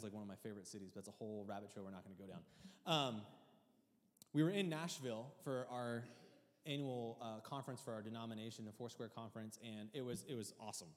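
A man preaching a sermon, earnest and openly emotional, dropping to a hush and then rising loud and high. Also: big-room sound. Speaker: pastor.

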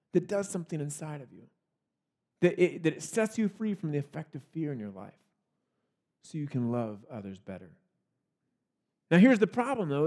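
A man preaching a sermon as pastor, in a relaxed conversational way with frequent restarts and small laughs. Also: high voice.

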